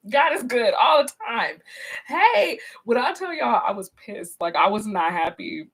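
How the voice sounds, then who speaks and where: A woman's voice: medium pitch, sing-song, measured pace, husky, poor audio. A woman instructor leading a live online class discussion in a chatty, conversational way, often restarting her sentences and speaking directly to her viewers. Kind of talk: casual live-stream class talk.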